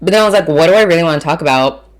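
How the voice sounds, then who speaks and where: Speaking very fast in a low, expressive voice, a woman in her thirties hosts a relaxed food and wine podcast. She's from Mission, Texas, and she chats, mocks herself and swears freely while eating and tasting.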